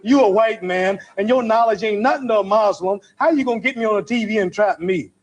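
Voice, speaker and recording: A man arguing as a guest on a television talk show, defiant and boastful, firing off rapid challenges. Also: high voice. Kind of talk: heated archival TV debate.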